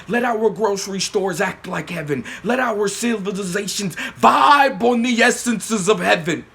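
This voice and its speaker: On his own channel, a man delivers a slow spiritual monologue, repeating "yes?" again and again. His delivery swings between loud, emphatic bursts and quiet murmurs.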